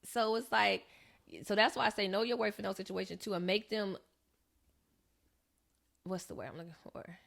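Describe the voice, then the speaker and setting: A young woman tells a story on her podcast, and her voice has a gravelly edge. She chats casually and slips into the voices of the people she quotes. Her pitch sits in the middle for a woman. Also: fairly even intonation, normal speed, pauses often, a bit bright. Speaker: podcast co-host.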